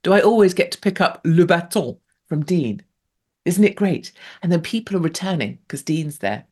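A woman's voice: lowish voice, animated, moderate pace, darkish tone, slightly rough. A middle-aged woman hosting a live radio talk show in a breezy, gushing manner, reading out listener chat messages with playful asides. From England.

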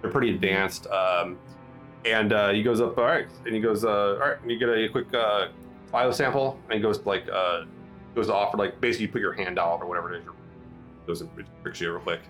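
A man's voice: lowish voice, fairly even intonation, brisk, a bit bright, faint music behind. A man running a tabletop game as game master, talking loosely with many fillers and restarts. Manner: rambling, full of fillers and restarts.

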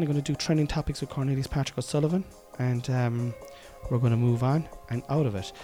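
Soft background music accompanies this podcast monologue from a Cork-accented comedian in his thirties. He talks a little fast in a warm, medium-pitched voice, rambling casually and putting himself down amid frequent fillers and restarts.

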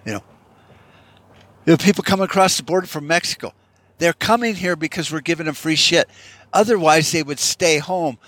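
A man's voice: fairly high pitch, fairly quick, pauses often, fairly bright tone, no room sound. Profane ranting man, dry close sound. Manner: profane, heated, rambling with restarts. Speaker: podcast host. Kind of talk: casual rant monologue.

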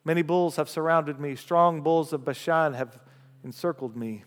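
A man preaching a sermon, reading scripture aloud with rising emphasis and lively call-and-response asides to the congregation. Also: on the high side, normal speed. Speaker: pastor. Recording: long hall reverb.

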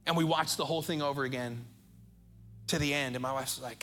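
Male pastor, American accent, middle-aged, bright voice, earnest sermon, soft music behind. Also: medium pitch, steady tone. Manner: emotional, earnest, speeds up and slows down for emphasis.

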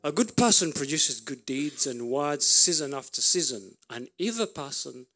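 A man's voice: on the high side, big pitch swings, a bit bright. Man preaching a storytelling sermon. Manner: storytelling sermon, pauses and restarts. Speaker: pastor.

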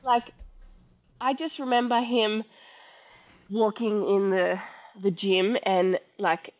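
A woman speaking as a podcast guest, reflective and halting, with many fillers. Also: medium pitch, steady tone, no room sound, dull audio. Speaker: podcast guest, academy owner. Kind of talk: casual conversation.

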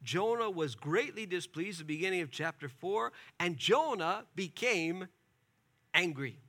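Bright-voiced, animated male preacher. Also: high-pitched, a little slow. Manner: animated storytelling, retells scripture conversationally with asides. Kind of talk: expository sermon.

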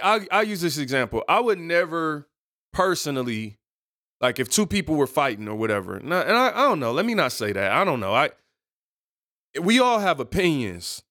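A man hosts his own podcast, talking casually on his own, rambling and correcting himself with playful asides. His voice is on the high side, pushed and bright, recorded in studio quality with no echo.

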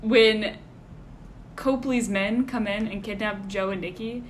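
A woman's voice: medium pitch, fairly even intonation, takes it slowly, slight background noise. A woman co-hosting a podcast, chatting casually and eagerly recapping scenes. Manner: chatty, retelling scenes enthusiastically. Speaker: podcast co-host. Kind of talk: casual chat. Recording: echoey room.

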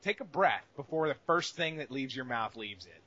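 A man with a lively, forceful, bright voice chats casually on a podcast. He swings between loud, excitable bursts and quiet, muttered asides, and he swears freely. The sound is dry and slightly dull. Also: mid-range voice, moderate pace, no room sound. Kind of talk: casual advice chat about gaming rage.

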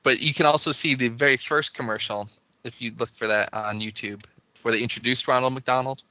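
A man's voice: medium pitch, steady tone, brisk, bright, forceful tone, no room sound. A man co-hosting a podcast in casual chat, rambling and laughing as he talks. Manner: chatty, rambling, laughs often. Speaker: podcast co-host.

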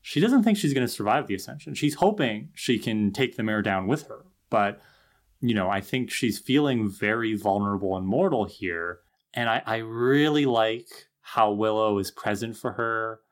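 A man co-hosting a casual podcast, talking with enthusiasm and a playful streak. His delivery is chatty and relaxed. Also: on the low side, moderate pace. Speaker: podcast co-host. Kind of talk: casual chat.

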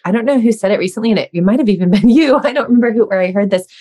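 A woman's voice: mid-range voice, very fast, mellow. A woman in her thirties hosting a conversation, chatty and self-deprecating, laughing often as she talks. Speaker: host. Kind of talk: casual podcast chat.

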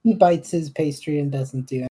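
A woman playing in a tabletop role-playing game, animated and quick to laugh. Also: deep voice, slightly rough. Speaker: player.

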